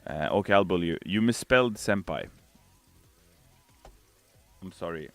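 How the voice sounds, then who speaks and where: A man's voice: deep voice, lively intonation, a bit bright, soft background music. A man with a Swedish accent, a game developer live-streaming and reading chat, joking around in a playful, theatrical way. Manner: playful, theatrical, quick to put on silly voices.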